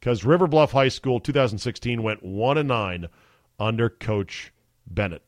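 A man hosts a sports podcast in a casual, chatty way. He is easily amused and leans on fillers like "uh". His voice sits at a middle pitch, and the recording is close and dry. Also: moderate pace, no room sound. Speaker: sports radio podcast host.

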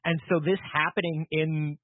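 A man co-hosting a podcast, chatting eagerly about movies and comics with a husky voice. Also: fairly high pitch, level tone, no room sound. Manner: enthusiastic, quick asides about comics. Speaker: podcast co-host. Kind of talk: casual movie chat. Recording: dry tinny phone-like audio.

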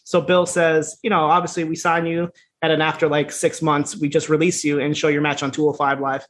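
A man's voice: a little high, a little fast. A man co-hosting a podcast, recapping a wrestling series in a casual, profane way and acting out what the characters say. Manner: laid-back, profane, laughing, acts out quotes in animated voices. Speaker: podcast co-host.

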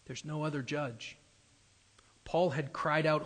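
A pastor preaching a sermon, explaining scripture in an earnest, steady way. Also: male voice, a little high, slow. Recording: long reverb of a large hall.

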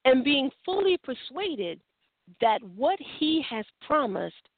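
A woman's voice: sits high, very animated, slow pace, husky, no room sound. A woman preaching a sermon in a fervent, exhorting manner, firing off rhetorical questions. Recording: tinny phone-like line, dry.

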